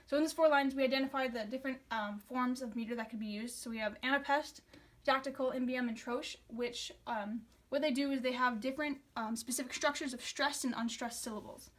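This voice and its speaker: A young woman presents a poem analysis for a class project. Her voice sits a little high. She reads from a script and stumbles into fillers and restarts when she explains. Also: steady tone, fairly quick. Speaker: student presenter.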